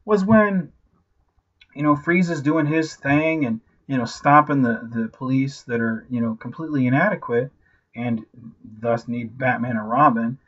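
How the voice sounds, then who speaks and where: A man in his thirties rants through a casual movie review, swearing freely and filling every pause with "like" and "you know". His voice sits at an ordinary middle pitch. The audio is slightly dull and lo-fi. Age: 30s. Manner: animated, profane, full of "like" and "you know".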